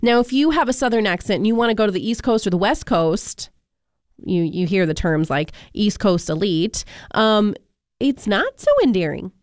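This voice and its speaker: A woman's voice: mid-range voice, animated, moderate pace, no room sound. A chatty woman radio DJ from coastal Virginia, talking casually into a studio mic. She sounds dry and close, with no room around her voice. She fills her talk with "like" and laughs easily. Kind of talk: casual on-air radio chat. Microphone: studio microphone.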